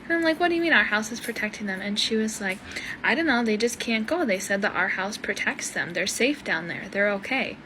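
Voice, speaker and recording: A woman's voice: medium pitch, expressive, a little fast. A woman, a mother, recounting a story in a bemused, conversational way. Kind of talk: casual storytelling. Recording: noisy background ambience.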